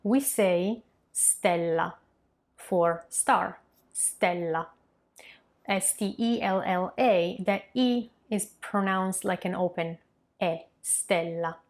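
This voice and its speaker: A young woman from Milan with an Italian accent, teaching a pronunciation lesson and modeling sounds slowly and clearly. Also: mid-range voice. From Milan, northern Italy. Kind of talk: online language lesson.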